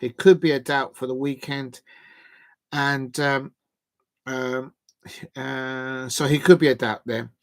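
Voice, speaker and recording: A man's voice: medium pitch, steady tone, slow, pauses often, dry recording. Guy rambling thru football news, lots of ums, dry close sound. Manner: chatty, hesitant, many fillers, reads quotes aloud. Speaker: football show host. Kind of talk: live transfer news talk show.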